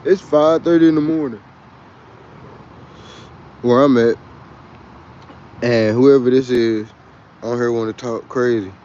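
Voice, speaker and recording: A man's voice: medium pitch, steady tone, a little slow, long pauses, warm tone, highs cut off, a little hiss or hum. A man with a Texas twang, chatting in a rambling, boisterous and profane way on a casual livestream. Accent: Texan. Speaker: livestream host.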